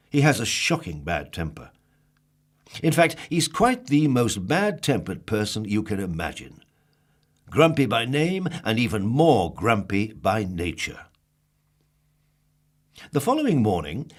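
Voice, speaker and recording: A man reads a children's story aloud in a low, husky voice. His pitch swoops widely as he tells it. He draws out words and asks the listener playful questions. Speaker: storybook narrator.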